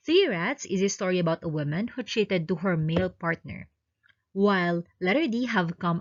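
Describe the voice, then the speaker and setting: A woman with a Filipino accent reads exam review questions and explains each answer choice. Her voice sits low and a little husky, and her pitch rises and falls a lot as she teaches. The recording sounds dull and lo-fi. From Philippines.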